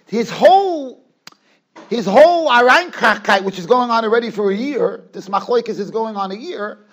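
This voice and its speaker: High, lively-voiced rabbi lecturing. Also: male voice, normal speed. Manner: animated, repeats words for emphasis. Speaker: rabbi giving a Torah class. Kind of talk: Torah lecture with storytelling. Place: yeshiva study hall.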